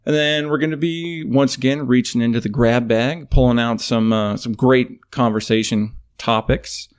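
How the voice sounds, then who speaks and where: A man's voice: mid-range voice, fairly even intonation, moderate pace, clear, resonant tone. A man hosting a casual podcast, reading an upbeat show intro between loose asides with his co-host.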